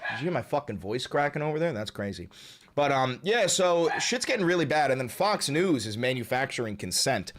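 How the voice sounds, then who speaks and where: A man's voice: medium pitch, very animated, brisk, a crowd in the background. A man hosting his own political commentary show, ranting casually and swearing constantly in a blunt, fired-up way. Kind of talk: casual profane political rant.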